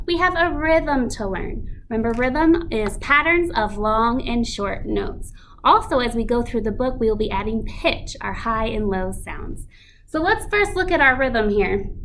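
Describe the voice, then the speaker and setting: A woman teaching an elementary music lesson, reading a picture book aloud with animated expression. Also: fairly high pitch, a little hiss or hum.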